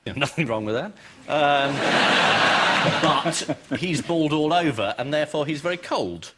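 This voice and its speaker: A man's voice: on the high side, lively intonation, unhurried. A man on a comedy panel show, asking teasing questions and joking. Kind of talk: dry panel banter. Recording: TV studio with loud audience laughter and noise.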